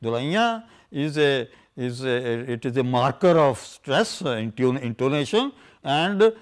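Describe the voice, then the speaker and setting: An older man giving an unscripted scholarly lecture on pronunciation, halting with many fillers and "you see", slowing down to chant quoted verses. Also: medium pitch, very animated. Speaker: scholar lecturing on scripture language.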